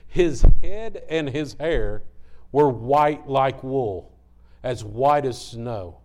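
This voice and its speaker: A man's voice: mid-range voice, lively intonation, drawn-out words, darkish tone. A middle-aged man preaching a sermon in a fervent, folksy way, often stopping to apologize for his tangents.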